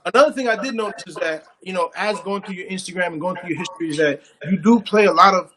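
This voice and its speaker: Fast-talking high-voiced man hosting. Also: background noise. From Puerto Rican and Cuban heritage. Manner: enthusiastic, encouraging, repeats phrases. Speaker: podcast host. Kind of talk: casual interview chat.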